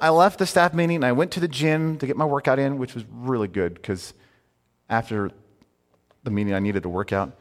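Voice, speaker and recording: A man's voice: fairly high pitch, a bit bright, big-room sound. A man preaching a sermon as a pastor, conversational and emphatic, with many rhetorical questions.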